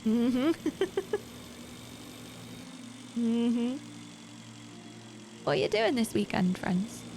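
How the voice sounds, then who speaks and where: Female streamer, chatty and direct with viewers, voice with a fry edge. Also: on the high side, very animated, extremely slow, warm tone, slight background noise. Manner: chatty, talks straight to viewers. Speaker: live streamer. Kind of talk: casual gaming stream chat.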